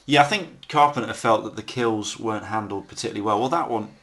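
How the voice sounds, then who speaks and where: A man's voice: lowish voice, fast talker, fairly bright tone. Chatty man swearing freely. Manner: chatty, swears freely, laughs at his own stories. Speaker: film commentary co-host. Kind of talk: casual film commentary.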